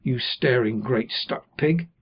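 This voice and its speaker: A man voicing a sharp-tempered, bullying woman in an audiobook, snapping and scolding, with a husky voice. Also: mid-range voice, slow pace, lo-fi sound.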